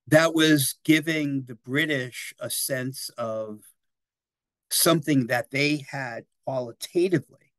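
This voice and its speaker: A man's voice: mid-range voice, a bit bright, dry recording. A man in his sixties giving a casual, rambling history talk at a library, often checking in with his listeners. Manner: chatty and digressive, often tags "right?" and "you know".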